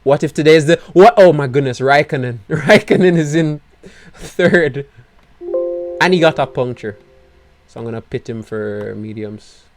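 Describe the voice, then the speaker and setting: A man commentating live on his own gameplay, his voice going hoarse as he swings between low despairing mutters and loud excited outbursts. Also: normal speed, faint music behind. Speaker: gaming video creator.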